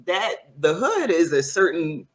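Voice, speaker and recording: Lively-pitched man making a point. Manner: measured, clarifying his point. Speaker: podcast co-host. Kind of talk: casual panel chat.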